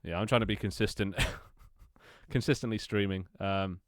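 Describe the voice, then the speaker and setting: Deep-voiced young man chatting casually. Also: fairly even intonation, measured pace, dry recording, studio quality. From London, England. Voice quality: swears casually, many restarts and laughs. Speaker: streamer. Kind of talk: casual chat with stream viewers.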